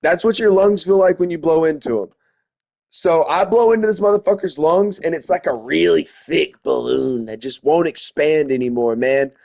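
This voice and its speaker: Young dude ranting through a wild story, swears a ton, keeps saying bro and you guys, voice a bit on the high side. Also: male voice, moderate pace, vocal fry, a little mellow. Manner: profane, emphatic, addresses viewers as guys and bro. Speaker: storyteller vlogger. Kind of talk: casual storytelling to viewers.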